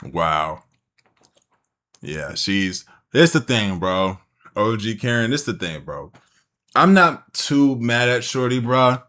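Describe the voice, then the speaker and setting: A man's voice: mid-range voice, animated, slow pace, bright, forceful tone. A man streaming a casual reaction, talking bluntly and jokingly with slang and swearing.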